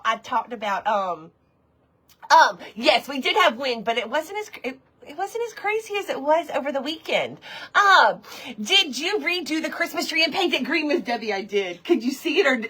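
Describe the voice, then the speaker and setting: A woman's voice: fairly high pitch, lively intonation, normal speed, fairly bright tone, slightly rough. Bubbly woman greeting viewers. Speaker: livestream host of a craft show. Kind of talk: casual live chat greeting viewers. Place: home woodshop.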